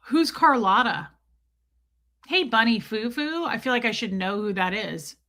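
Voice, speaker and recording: A woman in her forties hosting a casual livestream, greeting viewers by name and joking with dark humor. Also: fairly high pitch, animated, a little slow. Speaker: livestream host. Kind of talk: casual livestream chat reading viewer comments.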